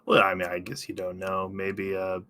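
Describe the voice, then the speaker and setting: A man with a fairly low, bright and forceful voice chats casually on a podcast. He laughs often, swears freely and talks in loose, easygoing runs. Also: completely flat delivery, normal speed, slight background noise. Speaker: podcast co-host.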